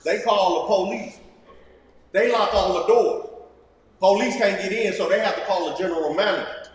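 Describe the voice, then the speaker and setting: A man in a study group retelling a news story with excitement. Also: high-pitched, normal speed. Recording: very echoey hall with long reverb.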